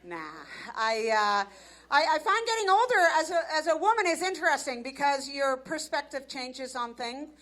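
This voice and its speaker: On a comedy club stage, a stand-up comic in her fifties works the audience with a handheld mic in a brash, self-deprecating routine. Her high-pitched voice is expressive and fairly bright, moving at normal speed, with audience noise audible in the live recording.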